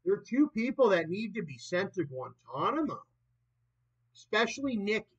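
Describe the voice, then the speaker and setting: A man in his late twenties vlogging in a rambling, profane monologue that swings between loud and soft. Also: high-pitched, big pitch swings, moderate pace, slightly rough. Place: old property in the countryside. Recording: dull lo-fi recording.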